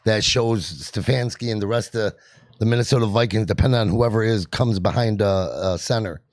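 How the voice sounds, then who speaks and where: A man co-hosting a casual fantasy football show, joking and sarcastic in relaxed banter. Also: lowish voice, fairly quick. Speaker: podcast co-host.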